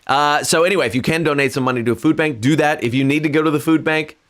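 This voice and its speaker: A man's voice: a little high, fast, a bit bright. A Californian man hosting a casual livestream from home, talking in an earnest, rambling way with many restarts. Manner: rambling, earnest, self-deprecating, with frequent restarts. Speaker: livestream host and musician. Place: home, playing guitar. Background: faint guitar.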